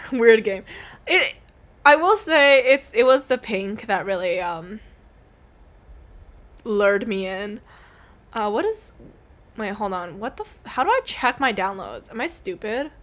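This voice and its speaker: A woman's voice: mid-range voice, expressive, slow, pauses often, fairly bright tone. A young woman streaming a game, talking in a casual, rambling, self-mocking way with some swearing. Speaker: gaming streamer. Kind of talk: casual let's-play commentary.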